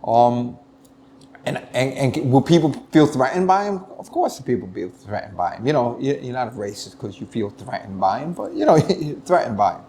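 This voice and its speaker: A middle-aged man, a retired police lieutenant telling stories in an interview, animated and full of restarts. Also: medium pitch, moderate pace, a little hiss or hum. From United States. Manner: animated storytelling, many restarts, acts out quoted voices. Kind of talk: casual interview talk.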